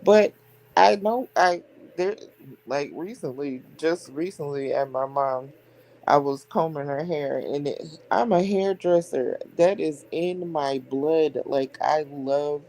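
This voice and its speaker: A middle-aged hairdresser hosts a livestream, chatting candidly and laughing between lines in a low, dark voice at a slow pace. The recording is of low quality.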